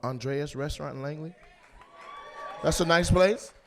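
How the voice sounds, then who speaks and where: A man doing loud, teasing crowd work as a stand-up comedian on a comedy club stage, with a handheld mic. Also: a little high. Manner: loud, teasing, quick-jumping between voices.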